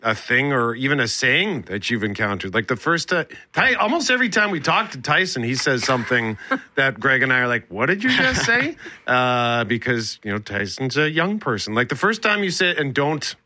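A man's voice: mid-range voice, normal speed, no room sound. A man co-hosting a radio show, chatting casually and laughing often as he tells stories. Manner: laughs often, animated storytelling. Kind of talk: casual on-air chat.

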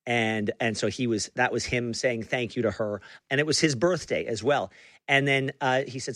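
A man's voice: medium pitch, moderate pace, a bit bright, no room sound, studio quality. A man hosting a conversational interview, telling a story with frequent restarts and fillers. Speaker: interview host.

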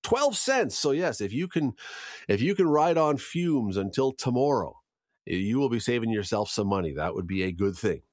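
A man with a lowish voice hosts a morning radio show at a moderate pace, running through news, gas prices and the day in history. He's lively and chatty, tossing in jokes on the side. The recording is studio quality with no room sound.

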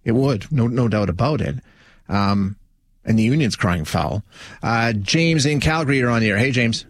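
With lively intonation and a medium-pitched voice at normal speed, this man hosts a call-in radio show as a casual talk radio monologue. He speaks conversationally, restarting often and leaning on fillers, and the recording has no echo.

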